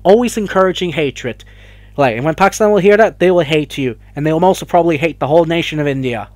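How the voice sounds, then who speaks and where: A man's voice: on the high side, fast talker, a little mellow, no echo, faint music behind. A young man ranting emotionally to camera in a vlog, swearing and rambling as he gets worked up. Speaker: vlogger. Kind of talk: heated opinion rant to camera.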